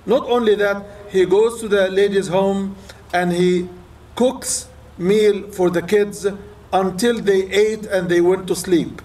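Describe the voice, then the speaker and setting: High-voiced imam preaching from a distance. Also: male voice, fairly even intonation, slow pace, darkish tone. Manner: impassioned storytelling, quoting old accounts. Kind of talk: sermon. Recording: distant mic with faint room noise.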